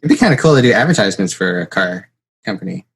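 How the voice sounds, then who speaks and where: A man's voice: low voice, fast talker, husky. A man hosting a podcast, telling a story in casual chat and acting out the quotes. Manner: animated storyteller, acts out quotes. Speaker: podcast host.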